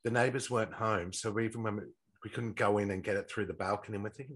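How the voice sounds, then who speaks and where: A man's voice: fairly low pitch, steady tone, fast, fairly bright tone, slightly rough. A man co-hosting a podcast, chatting casually, swearing and joking as he tells a story. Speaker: podcast co-host. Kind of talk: casual chat.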